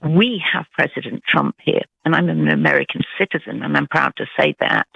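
A woman with a British accent calls in, her voice deeply gravelly and creaky. She talks earnestly, stopping and restarting as she goes. The sound is tinny and narrow, like a telephone line. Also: animated, a bit bright, no room sound. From Britain. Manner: earnest, halting, with many restarts. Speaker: caller. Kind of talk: call-in radio conversation.

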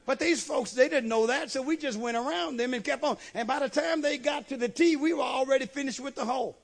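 A man's voice: extremely high pitch, fairly quick, gravelly. A man, a bishop, preaching a sermon with emphatic delivery and frequent amens.

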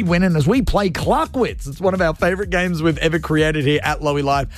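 A man's voice: on the high side, animated, quick pace, hardly any pauses, faint music behind. A man hosting a radio call-in show, tired from no sleep, goofy and self-mocking.

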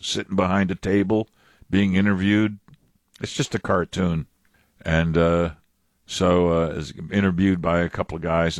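A man's voice: sits low, dry recording, clean studio sound. A pastor giving a conversational sermon, a man whose casual, digressive telling often breaks into chuckling asides.

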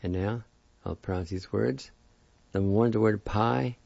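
A man teaching a language lesson, saying each word slowly and carefully and repeating it several times. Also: on the low side, vocal fry, darkish tone. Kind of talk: slow pronunciation lesson. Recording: dull lo-fi recording.

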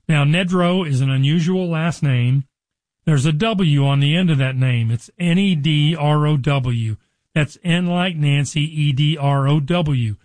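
A man hosting a radio talk segment about his business, folksy and repeating details slowly for listeners. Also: fairly high pitch, a little mellow, no room sound, poor audio. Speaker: radio show host and business broker.

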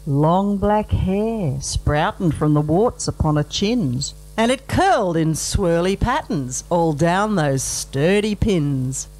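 Unhurried Aussie bush poet, dry comic verse, heavy slang. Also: male voice, on the high side, lively intonation, a little mellow, rough recording. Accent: Australian. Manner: dry, rhythmic storytelling with broad slang. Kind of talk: comic bush poetry recital.

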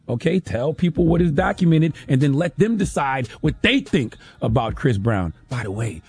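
A man's voice: medium pitch, darkish tone, breathy edge. A man giving an emphatic, sarcastic opinion commentary as a host, often tagging lines with "okay?".

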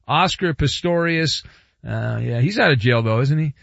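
A wisecracking man runs a sports radio segment with loose, joking banter. His voice sits high and sounds close and dry. The broadcast audio is slightly dull, with faint music behind. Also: lively intonation, moderate pace, gravelly, fairly bright tone, no echo. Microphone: studio microphone.

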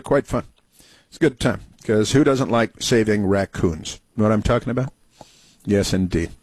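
A man's voice: mid-range voice, no echo. Rambling American man hosting talk radio. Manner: meandering, many fillers and restarts. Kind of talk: rambling conversational monologue.

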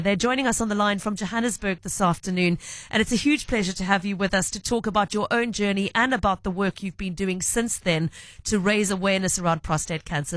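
A woman hosting a radio talk show, introducing and interviewing guests in an articulate, measured way. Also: medium pitch, a bit bright, no echo. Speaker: radio host.

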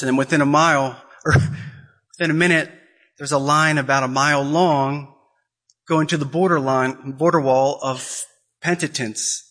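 A man delivering an emphatic, impassioned sermon-style talk. His voice is bright and forceful and sits a little high for a man. He repeats key phrases and leaps upward in pitch in bursts. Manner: acts out quoted voices. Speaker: Catholic speaker.

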